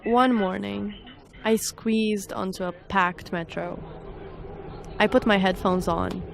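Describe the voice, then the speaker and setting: A woman's voice: mid-range voice, fairly even intonation, slow, vocal fry, a little hiss or hum. A young woman from Romania, a native Romanian speaker, narrating a personal documentary story in a reflective, scripted manner. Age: young adult. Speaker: narrator and reporter.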